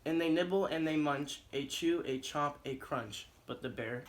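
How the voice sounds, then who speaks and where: This is a male teacher reading a rhyming picture book to his class with a bouncy, sing-song rhythm. His voice sits a little high for a man. There is a soft hiss in the background. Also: moderate pace.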